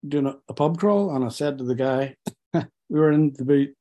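Tearful man, husky and mellow. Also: medium pitch, lo-fi sound. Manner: candid, self-mocking, halting with fillers. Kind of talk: personal storytelling to an interviewer.

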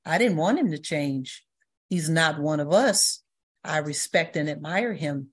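Older woman with a low, grounded voice, sharing her recovery testimony as a lively storyteller. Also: unhurried, husky. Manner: storytelling, acts out quoted voices, laughs. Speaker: recovery meeting speaker. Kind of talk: personal testimony talk.

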